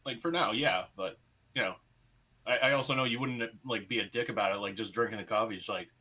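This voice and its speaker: A man's voice: lowish voice, fast talker, bright, forceful tone, breathy edge, poor audio. A man hosting a podcast in casual chat, dry and sarcastic, with a tired edge. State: tired, off caffeine. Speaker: podcast host.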